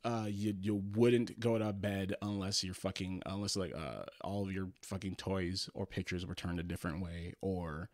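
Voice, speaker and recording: A man's voice: low voice, steady tone, moderate pace, few pauses, no echo, studio quality. A man co-hosting a podcast, telling rambling, profane stories in casual chat, full of restarts and laughs. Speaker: podcast co-host.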